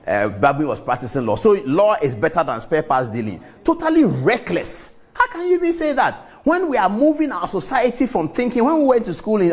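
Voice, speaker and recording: A man with a Ghanaian accent hosting a morning show, delivering emphatic, repetitive opinion commentary. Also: darkish tone. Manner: emphatic, repetitive scolding, big pitch swings.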